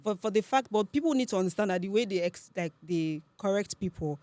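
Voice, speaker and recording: Young nigerian woman, fast storyteller, laughs a lot, mimics people mid-story. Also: medium pitch, no room sound. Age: young adult. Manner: animated storyteller, laughs often, acts out quoted speech. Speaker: guest, accent content creator. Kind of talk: casual podcast interview.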